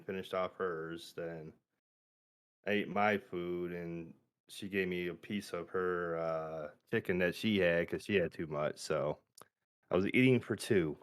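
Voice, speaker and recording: A man's voice: deep voice, steady tone, measured pace, clean tone. A man chatting easily as a guest on a video call, laughing now and then. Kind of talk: casual chat.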